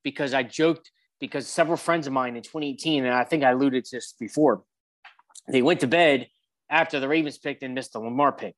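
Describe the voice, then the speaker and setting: A man co-hosting a casual sports chat, talking in animated bursts with plenty of fillers. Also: mid-range voice. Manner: animated, quick bursts of excitement, many fillers. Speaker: podcast co-host.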